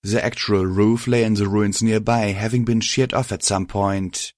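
A man reading a first-person story aloud in a steady, measured way. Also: lowish voice, no echo, clean studio sound. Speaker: reader. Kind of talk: first-person fan fiction audiobook narration.

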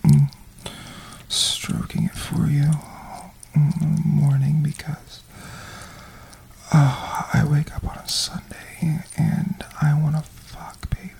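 A man in a whispered role-play, murmuring intimately to the listener with soft moans between phrases, as an audio performer. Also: fairly high pitch, level tone, slow, creaky, pauses often, poor audio.

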